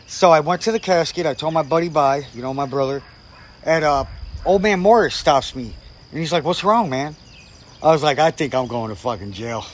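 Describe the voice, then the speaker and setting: As a guest storyteller, a man tells a profane story in casual conversation, performing the lines of the people he quotes. His voice is fairly high and his pace normal, with a little background noise.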